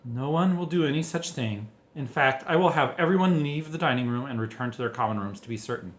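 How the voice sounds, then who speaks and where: A man voicing a calm elderly male headmaster who speaks quietly and measuredly. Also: medium pitch, a little fast, roomy sound, lightly acted.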